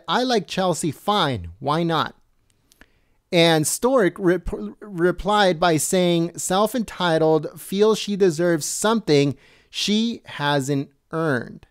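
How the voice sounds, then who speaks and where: Slow-reading man commenting on news. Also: high voice, clear, resonant tone, dry recording, clean studio sound. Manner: reads slowly, stumbles and corrects himself, asks viewers questions. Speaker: political commentary host.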